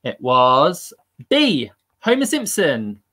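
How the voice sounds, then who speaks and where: A man's voice: fairly high pitch, wildly swooping pitch, slow pace, bright, forceful tone. A man hosting a live-streamed quiz, upbeat and chatty and laughing at himself. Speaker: quiz host.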